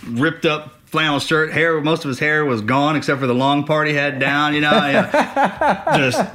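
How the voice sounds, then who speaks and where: Male podcast co-host, raised pitch, animated storyteller who acts out quotes and laughs a lot. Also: measured pace. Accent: Texan. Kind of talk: casual storytelling chat.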